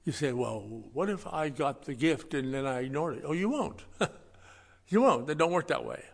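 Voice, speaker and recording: Male pastor, fairly high voice, folksy and emphatic sermon delivery, long hall reverb. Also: lively intonation, normal speed, creaky. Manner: emphatic, swings between loud stresses and quiet asides; folksy, conversational preaching.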